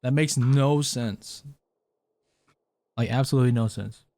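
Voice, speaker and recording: A man's voice: mid-range voice, measured pace, dark tone, no room sound. A man doing casual, joking and profane gameplay commentary as a streamer, with a tired, strained throat. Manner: joking, profane, self-mocking. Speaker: gaming streamer.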